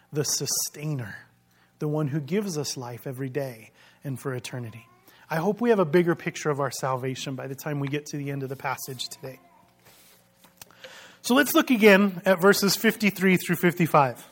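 A man's voice: on the high side, normal speed, fairly bright tone. A man preaching a sermon as pastor, emphatic and full of rhetorical questions.

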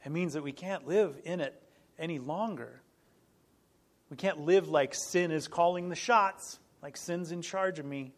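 A middle-aged man preaching a sermon as pastor, earnest and emphatic, repeating key phrases and breaking into small laughs. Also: fairly high pitch. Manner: frequent small laughs and restarts.

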